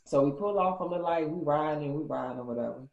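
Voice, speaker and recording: A woman's voice: low-pitched, fast talker, gravelly. Young woman doing a storytime vlog, chatty and slangy, kinda echoey and a bit muffled. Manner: animated, acts out quoted friends in slangy speech. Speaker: storytime vlogger. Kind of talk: casual storytelling. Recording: roomy, slightly dull sound.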